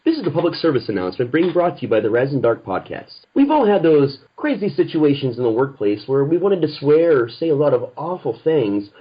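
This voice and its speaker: A man's voice: a little high, husky. A man reading a mock public service announcement in a mock-serious announcer manner for a podcast. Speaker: podcast host. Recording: muffled podcast audio.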